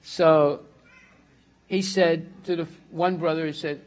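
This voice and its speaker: A man teaching a class, telling a story in a relaxed way and dropping in Hindi words. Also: a little high, takes it slowly.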